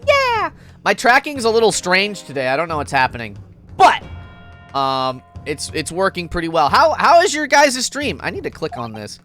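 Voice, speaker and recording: Young woman streaming a game, chatty and playful, voice swings way up and down, lowish. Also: sing-song, moderate pace, a bit bright, faint music behind. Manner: chatty, playful, greets viewers. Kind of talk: casual game stream chat.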